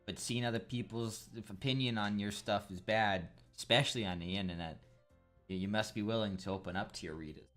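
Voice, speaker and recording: A man's voice: lowish voice, brisk, fairly bright tone, faint music behind. A young man commenting on a game in a rambling, crude and joking way, swearing often. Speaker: gameplay commentator. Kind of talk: casual gameplay commentary.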